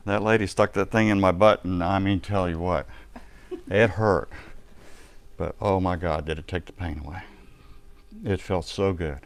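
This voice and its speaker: A man with a low, steady voice talks at normal speed, pausing often, as he gives his personal testimony during a ministry live stream. His storytelling is vivid, and he acts out the shouts and reactions of those in it.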